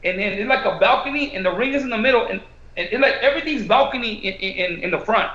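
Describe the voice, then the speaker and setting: A man with a very high, bright voice, telling a story with lively energy and easily switching between English and Spanish. He is recorded in an echoey room, and the sound is dull and lo-fi. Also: quick pace. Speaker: boxing coach and show co-host. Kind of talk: casual storytelling.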